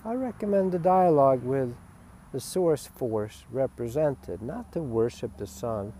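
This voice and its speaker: Brief: man, mid-pitched, emphatic and rambling spiritual talk, faint traffic behind. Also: animated, measured pace. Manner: emphatic and rambling, swings from loud to hushed. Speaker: spiritual teacher. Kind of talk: spiritual webcast monologue.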